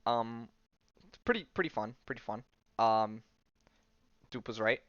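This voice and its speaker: Chatty man with a bright, rambling voice. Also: mid-range voice, measured pace, no echo, lo-fi sound. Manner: rambling, heavy use of "like" and "um"; enthusiastic slang, says "dude" and "bro". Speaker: podcast host. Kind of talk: casual comic recap.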